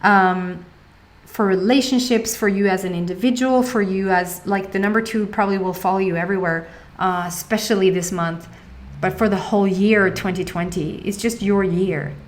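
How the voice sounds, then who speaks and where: A woman's voice: mid-range voice, fairly even intonation, moderate pace, slight background noise. A woman with a Swedish accent giving a casual tarot reading, chatty, laughing often and searching for words. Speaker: tarot reader.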